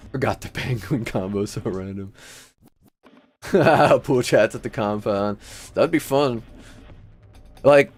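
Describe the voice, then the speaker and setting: A man's voice: medium pitch, takes it slowly, long pauses, faint music behind. Chatty Midwestern man who laughs a lot. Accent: Midwestern American. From Michigan. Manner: rambling and chatty, laughs often. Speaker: livestream host. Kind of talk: casual livestream chat with viewers.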